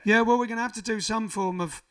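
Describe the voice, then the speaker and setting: A man's voice: sits high, quick pace, smooth. A man hosting a band livestream from a living room, chatting casually and rambling as he reads out viewer comments. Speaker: band frontman and livestream host. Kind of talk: casual livestream chat between songs. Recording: voice a little far from the mic, faint music behind.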